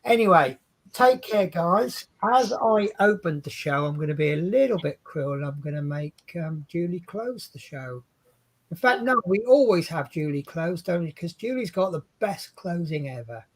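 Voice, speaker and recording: A man's voice: on the high side, lively intonation, normal speed. A man with an English accent co-hosting a casual livestream chat, rambling and chatty and often breaking off mid-sentence. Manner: rambling, chatty, self-interrupting. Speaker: co-host.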